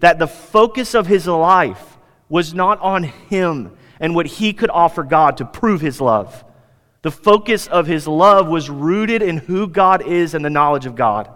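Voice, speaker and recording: A man preaching with a slightly high voice, building energy and lifting for emphasis, then sinking to a hush. His sermon rings through a hall with a long, lingering reverb. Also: takes it slowly. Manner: animated preaching, rising in pitch for emphasis. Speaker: pastor.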